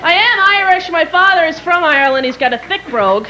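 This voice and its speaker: A woman's voice: extremely high pitch, expressive, quick pace. A woman performing stand-up comedy in a brash, profane, self-mocking way before a live audience. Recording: live stage with crowd laughter and noise.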